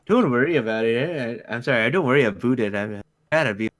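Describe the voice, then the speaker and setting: A man's voice: medium pitch, no room sound, studio quality, natural voice. A man putting on an overly apologetic Canadian man with a Canadian accent.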